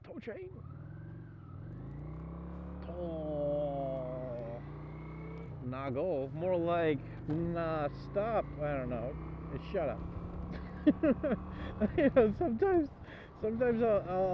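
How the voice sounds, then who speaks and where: A young man with a slightly high voice rambles and jokes to his viewers as he rides a motorcycle, swearing freely. The sound is muffled and dull, with loud road and wind noise from the moving bike behind him. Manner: rambling, profane, joking to viewers. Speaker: motorcycle travel vlogger. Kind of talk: casual riding commentary.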